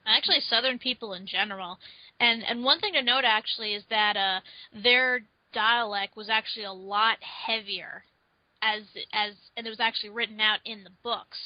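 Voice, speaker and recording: A woman's voice: fairly high pitch, moderate pace, no echo. Young woman, dry lo-fi recording. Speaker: podcast co-host. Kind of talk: casual film discussion. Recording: dry, dull lo-fi audio.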